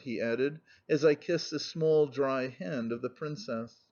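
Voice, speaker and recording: A man narrating a classic novel in a measured, even reading. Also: medium pitch. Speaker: audiobook narrator. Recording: muffled lo-fi recording.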